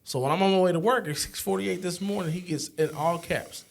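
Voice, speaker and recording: A man's voice: sits high, a little fast, vocal fry. Podcast co-host, man, blunt and repetitive, casual review talk. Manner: blunt, repeats himself while telling a story. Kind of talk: casual album review chat.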